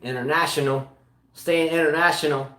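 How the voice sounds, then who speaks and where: A man's voice: on the high side, steady tone, moderate pace, fairly bright tone, echoey room. A man hosting a live-stream tennis quiz in a casual, joking way, often repeating himself in a hurry.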